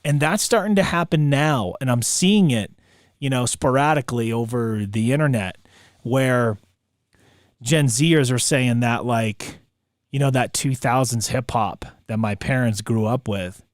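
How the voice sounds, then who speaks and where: A man hosting a podcast, telling a story in a relaxed, slangy way full of dude and bro. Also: medium pitch, a little slow, no echo, studio quality. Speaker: podcast host. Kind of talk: casual storytelling chat.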